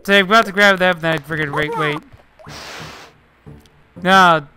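A man's voice: high-pitched, fairly even intonation, measured pace, bright, forceful tone, a little hiss or hum. A man giving casual let's-play commentary, chatting away, scolding the game characters and swearing mildly. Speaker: gameplay commentator.

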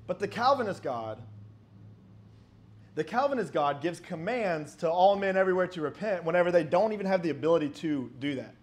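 Man, high voice, preacher, emphatic sermon, rhetorical questions, reads scripture aloud. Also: expressive, a little fast.

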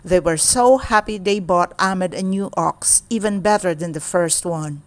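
A woman's voice: fairly low pitch, measured pace. Woman reading a children's storybook. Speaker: storybook reader. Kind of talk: children's read-aloud.

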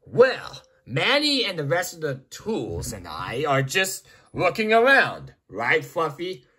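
A man voicing Bob the Builder, slow and breathy. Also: on the high side, wildly swooping pitch, bright, forceful tone, heavily acted. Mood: upbeat. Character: cheerful male builder, friendly leader. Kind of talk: amateur storybook voice acting.

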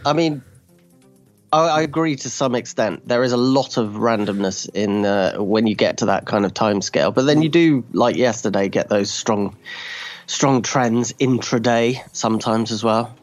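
A man's voice: medium pitch, normal speed, faint music behind. A man, a guest trader on a podcast, talking casually in a reflective, self-deprecating way. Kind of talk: casual chat.

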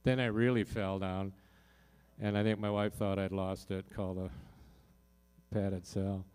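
A man with a lowish, mellow voice tells a personal story to a live audience from a concert stage. He talks loosely and from the heart, stacking up fillers and restarts as he goes. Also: completely flat delivery, unhurried, clear, resonant tone. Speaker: singer-songwriter performing in concert.

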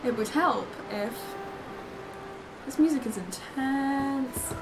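A woman chatting excitedly while playing a game on a live stream, gasping and giggling and reading game text aloud. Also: sits high, slow pace, noisy background. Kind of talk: casual live-stream chat.

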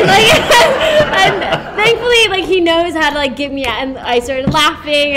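A young actress chatting and giggling through a convention panel Q&A, with lots of fillers. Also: female voice, high-pitched, big pitch swings, normal speed, hardly any pauses, noisy background. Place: convention hall.

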